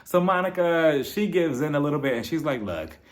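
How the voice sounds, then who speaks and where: A man's voice: fairly high pitch, a little fast. A man recapping a reality TV episode in a casual, sassy way, laughing and talking straight to the people on the show. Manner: sassy, laughing asides, talks straight to the cast.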